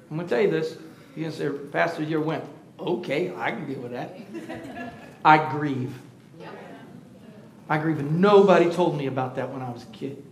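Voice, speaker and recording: Middle-aged pastor guy preaching, kinda high voice, chatty with the crowd, roomy church echo. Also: slight background noise. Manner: conversational preaching, calls out to the congregation. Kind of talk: sermon. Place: church sanctuary. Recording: roomy echoey hall.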